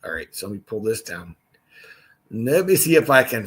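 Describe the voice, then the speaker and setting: A man's voice: medium pitch, sing-song, normal speed, a bit bright, slightly rough, rough recording. A man leading a casual livestreamed Bible study, reading scripture aloud and adding his own asides.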